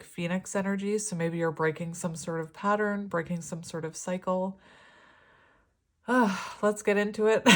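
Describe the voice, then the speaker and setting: A woman giving a casual, rambling tarot reading, chatting warmly and laughing often. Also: lowish voice. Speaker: tarot reader.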